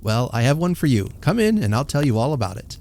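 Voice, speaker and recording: A man voicing a kindly, soft-spoken missionary. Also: medium pitch, big pitch swings, fast talker, lightly acted.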